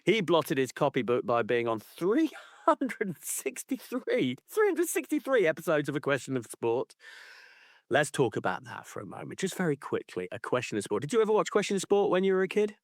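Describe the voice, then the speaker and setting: Lively, laughing man in casual chat. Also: fairly high pitch, brisk, no echo, clean studio sound. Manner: animated, laughing, swears freely. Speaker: podcast co-host.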